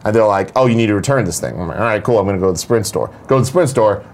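Young man, co-host, rapid storytelling, mimics other people's voices, casual chat. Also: on the low side, animated, darkish tone. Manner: acts out quoted dialogue in shifting voices. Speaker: morning show co-host.

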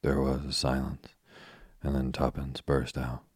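Very deep, husky male narrator. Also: completely flat delivery, a little slow, no echo, studio quality. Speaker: audiobook reader. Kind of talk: scripted narration.

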